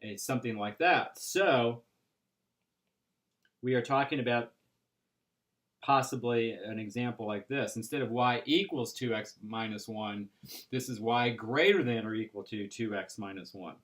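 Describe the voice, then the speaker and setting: A man teaching an algebra class, explaining step by step in a patient way with frequent pauses and "right?" checks. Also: mid-range voice, fairly bright tone. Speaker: math instructor. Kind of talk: recorded classroom lecture.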